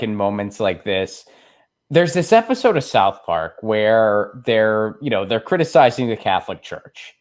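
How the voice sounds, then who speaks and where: A man talking as a political analyst guest in casual commentary, an animated storyteller who slips into mocking impressions. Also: medium pitch.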